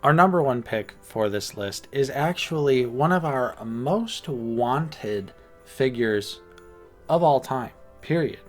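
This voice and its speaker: A man's voice: medium pitch, animated, takes it slowly, faint music behind. A man co-hosting a casual collector podcast, speaking in an easygoing, rambling way. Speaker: podcast co-host. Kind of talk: casual chat.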